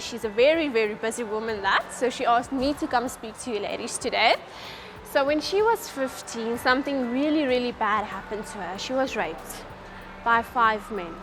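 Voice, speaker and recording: A woman giving a motivational talk to schoolgirls at a car dealership, lively and coaxing, often asking her audience questions. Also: a little high, a little hiss or hum. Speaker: motivational speaker at a workshop.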